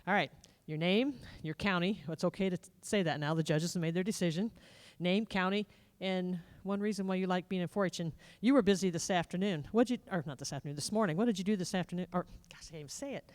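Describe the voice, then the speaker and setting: A woman emcees a live state fair event on a corded handheld mic, folksy and enthusiastic. Her voice is fairly low and darkish, and she talks quickly with few pauses.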